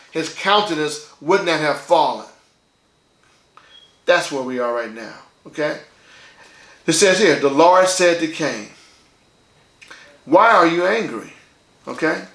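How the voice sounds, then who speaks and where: A man's voice: on the high side, a bit bright, echoey room. A man delivering a sermon as pastor, in a conversational style, checking in with his listeners by asking "okay?" again and again.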